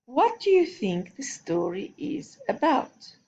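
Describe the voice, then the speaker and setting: A woman teacher talking young children through a phonics lesson one step at a time. She speaks slowly, with a very animated, sing-song rise and fall. The recording sounds a little dull and lo-fi. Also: high-pitched. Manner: patient, step-by-step instructions to a child. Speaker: primary school teacher.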